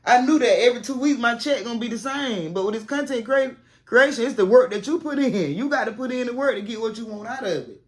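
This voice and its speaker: A down-home woman talking casually to her camera, a former teacher now making content full-time. She speaks in a plain, encouraging way, and her voice has a low, relaxed tone for a woman. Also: fast talker. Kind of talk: casual advice vlog to camera. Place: home set made to look like a classroom.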